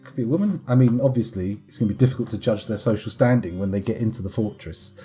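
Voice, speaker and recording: A man's voice: on the low side, quick pace, warm tone, soft background music. A man giving casual, rambling commentary over a live game stream, full of wry, self-mocking asides. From United Kingdom.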